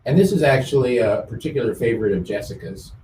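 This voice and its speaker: A man hosting a music show in casual chat, easygoing, with many filler pauses. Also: mid-range voice, animated, warm tone, a little hiss or hum. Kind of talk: casual chat about old songs. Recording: roomy sound from a distant mic.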